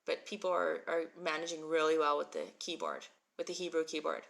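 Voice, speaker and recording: Deep, creaky, and a bit bright, this woman's voice has a sing-song lilt and a brisk pace. In her thirties and having moved to Israel as an adult, she streams a live Hebrew reading lesson, chatting with viewers and answering their comments by name.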